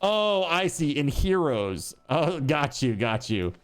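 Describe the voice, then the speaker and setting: Lively, rambling male game streamer. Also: on the high side, takes it slowly, clean tone, soft background music. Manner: rambling, joking, swearing, with lots of fillers. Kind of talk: casual stream chat.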